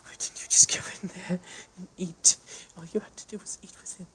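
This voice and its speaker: A man voicing a grief-stricken young woman who is crying, in a breathy, whispered sob. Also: high-pitched, fairly even intonation, fairly quick, fairly bright tone, voice pushed up, heavily acted. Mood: anguished.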